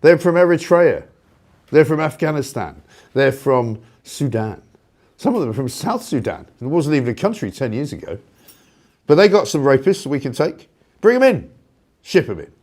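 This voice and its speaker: A middle-aged man, hosting a talk show and ranting with indignant sarcasm and loud rhetorical questions. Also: mid-range voice, sing-song, normal speed. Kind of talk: opinionated ranting monologue.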